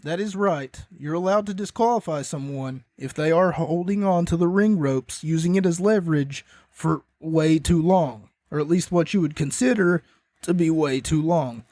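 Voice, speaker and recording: A man's voice: on the high side, moderate pace, dark tone, dry recording. Rambling man recapping wrestling, dry close mic. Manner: rambling, self-correcting, coughs between points. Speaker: podcast host.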